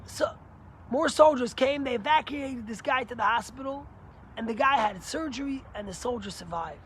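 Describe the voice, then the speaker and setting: Man, rabbi, inspirational sermon, earnest storytelling, high-pitched voice. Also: moderate pace, a little hiss or hum. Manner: earnest storyteller, drops low and soft for morals.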